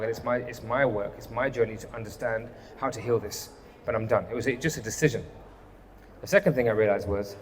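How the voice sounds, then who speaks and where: A man, a men's coach, telling a personal story on stage in an earnest, confessional way, often restarting his sentences. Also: mid-range voice. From London, England. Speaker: men's coach and motivational speaker. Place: live event venue. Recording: hall reverb, faint background noise.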